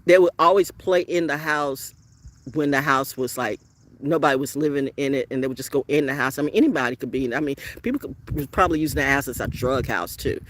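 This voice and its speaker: A woman vlogger telling a story in an unscripted, profanity-laden rant, swinging between loud outbursts and hushed, low talk. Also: quick pace.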